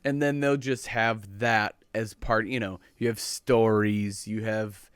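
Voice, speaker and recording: Midwestern guy podcast co-host, lively storyteller, dry close mic. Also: lowish voice, slow, smooth, no room sound. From Minnesota. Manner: animated storyteller, acts out voices of others. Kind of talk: casual chat.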